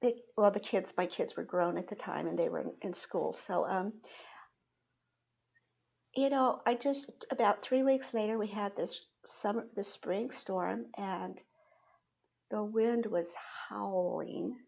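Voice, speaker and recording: A woman's voice: mid-range voice, fairly even intonation, slow pace, creaky, a little mellow, slightly rough, highs cut off. A middle-aged woman, a spiritual reader, telling a personal story in a chatty way, laughing often and acting out quotes. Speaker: spiritual reader, podcast guest.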